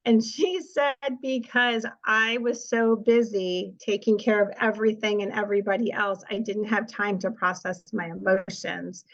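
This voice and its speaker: A woman's voice: on the high side, steady tone, moderate pace, hardly any pauses. Woman presenting with slides, chatty, acts out quotes, muffled lo-fi sound. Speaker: author and speaker.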